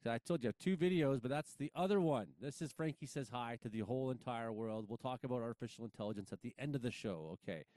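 A man's voice: mid-range voice, fast talker, hardly any pauses, a little mellow, dry recording. A man hosting a show, chatty and self-deprecating, introducing a guest's videos. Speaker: show host. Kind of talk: casual show banter.

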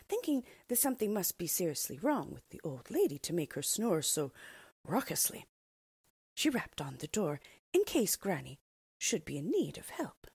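A woman narrating a storybook read-aloud expressively, dipping into soft whispers. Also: medium pitch, husky, no room sound, clean studio sound.

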